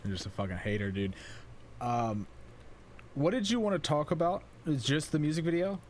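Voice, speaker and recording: Chill young dude cohosting a podcast, voice swings up and down a lot, cusses casually, faint noise behind. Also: male voice, fairly high pitch, expressive, moderate pace, darkish tone. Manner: laid-back, swears casually. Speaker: podcast co-host. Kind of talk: casual anime podcast chat.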